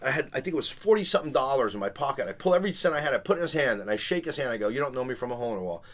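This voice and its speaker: On a podcast, a man with a medium-pitched voice races through a long business story, casually told. He's animated and acts out the people he quotes.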